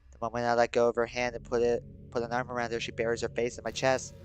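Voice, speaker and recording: A young man streaming and reading a game story aloud, shifting between steady narration and sudden excited, swearing outbursts. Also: medium pitch, quick pace, faint music behind, rough recording. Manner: reads narration in a steady, subdued voice.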